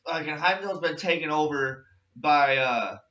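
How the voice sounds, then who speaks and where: A man's voice: fairly high pitch, measured pace, pushed and bright, far from the mic. A young man hosting a casual movie review chat, rambling and swearing as he retells scenes. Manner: rambling, profane, retells scenes with quoted voices. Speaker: podcast host. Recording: lo-fi, roomy, from off-mic.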